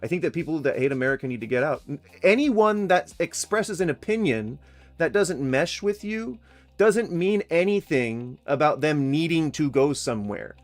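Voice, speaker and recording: A man in his forties from Sacramento speaks straight to camera in a fierce, profane rebuttal, swinging between open anger and sarcastic mock-sympathy. His voice sits a little higher than most men's. Faint music plays behind him. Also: animated, normal speed. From Sacramento, California. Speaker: vlogger responding to a critic. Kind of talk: ranting direct-to-camera rebuttal.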